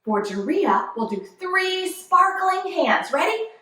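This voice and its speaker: A woman's voice: very high voice, sing-song, slow, sharp tone. A young woman leading a children's yoga class with a cheerful, sing-song, encouraging manner. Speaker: kids yoga teacher. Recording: very echoey room, voice from far off.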